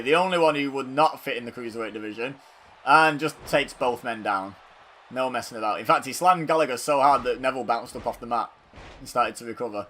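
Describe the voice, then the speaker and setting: A man's voice: medium pitch, fast. A young man with a Salford accent, the host of a gaming channel, giving chatty, rambling commentary over a video game wrestling match. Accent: Salford, Greater Manchester. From England. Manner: chatty and animated, rambling asides.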